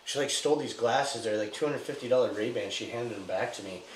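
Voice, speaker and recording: A man in the middle pitch range tells a story in a relaxed, chatty way, sprinkling in "dude" and "like" as he goes. His voice carries a roomy echo. A faint noise sits underneath. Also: fast talker. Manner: laid-back and chatty, says "dude" and "like" often. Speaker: podcast co-host. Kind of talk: casual podcast storytelling.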